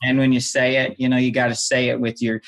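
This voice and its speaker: A middle-aged man speaking as a guest on a casual interview podcast. His voice sits at a middle pitch. He tells his story earnestly and explains things step by step. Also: level tone, quick pace, fairly bright tone. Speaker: guest, former Navy SEAL instructor and founder of an apparel brand.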